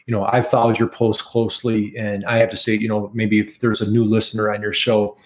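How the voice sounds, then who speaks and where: A man's voice: lowish voice, flat delivery, brisk. A middle-aged man with an American accent, a podcast guest chatting eagerly and repeating key figures for emphasis. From United States. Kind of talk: casual interview chat.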